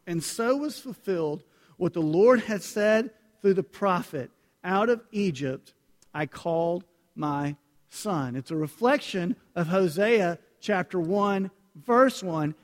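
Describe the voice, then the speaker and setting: A man's voice: high voice, animated, slow pace. A man preaching a sermon and reading scripture aloud, talking earnestly and directly to his congregation. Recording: long hall reverb.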